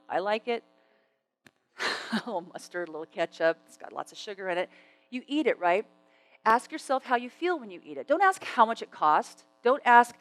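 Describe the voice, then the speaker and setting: Woman, motivational stage talk, animated storytelling, mid-range pitch, dry sound. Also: no room sound, rough recording. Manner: animated storytelling, acts out dialogue. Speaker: speaker. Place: stage before an audience.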